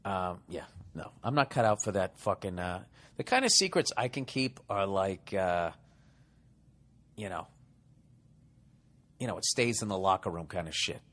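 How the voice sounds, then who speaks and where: A man's voice: deep voice, lively intonation, normal speed, long pauses, a bit bright. A man hosting a podcast, reading listener letters and riffing on them in a rambling, profane, sarcastic way. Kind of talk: rambling comedic monologue.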